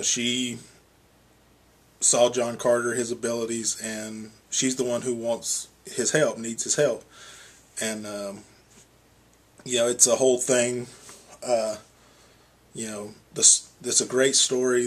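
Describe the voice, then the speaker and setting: A young man with a husky, medium-pitched voice gives a casual movie review. He rambles, filling his talk with lots of "you know" and "um."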